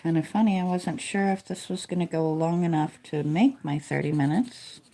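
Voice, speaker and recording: Woman vlogger, low mellow voice, relaxed chatty coloring narration. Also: moderate pace. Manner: relaxed, chatty, self-deprecating. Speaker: coloring video creator. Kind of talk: casual narration while coloring.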